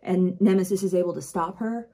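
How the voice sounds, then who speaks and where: Chatty woman doing a makeup vlog. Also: fairly low pitch. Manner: chatty, animated retelling with quick asides. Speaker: vlogger. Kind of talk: casual book chat while doing makeup.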